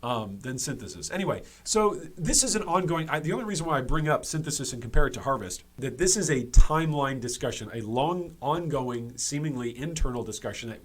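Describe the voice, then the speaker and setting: A man's voice: mid-range voice, animated, brisk, few pauses, a bit bright. A man hosting a gaming commentary video, speaking emphatically and repeating key points for stress, with frequent restarts and fillers.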